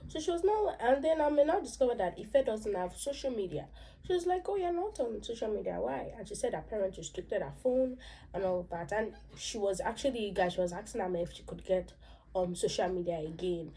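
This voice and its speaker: Chatty Nigerian woman with a mellow voice. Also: mid-range voice, animated, brisk. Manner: chatty, opinionated, mixing in Pidgin and Yoruba asides. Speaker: vlogger. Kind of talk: casual reaction recap.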